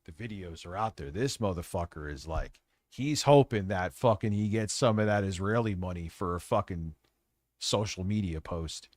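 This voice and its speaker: A man's voice: deep voice, normal speed, a little mellow, dry recording. A man streaming live and ranting crudely, swearing constantly, and mocking the people he criticizes. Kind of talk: profane live-stream rant.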